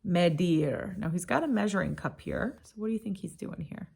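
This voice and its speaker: A woman's voice: lowish voice, animated, creaky, darkish tone, husky. A woman teacher reading a picture book aloud to young children, asking them encouraging questions. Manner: slow, encouraging questions to kids.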